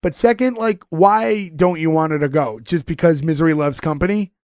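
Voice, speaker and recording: A man's voice: fairly high pitch, moderate pace, darkish tone, no room sound, clean studio sound. A man co-hosting a casual podcast, retelling scenes in a rambling way full of "like"s. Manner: rambling, filler-heavy retelling with many "like"s. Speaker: podcast co-host. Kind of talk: casual chat recapping a TV episode.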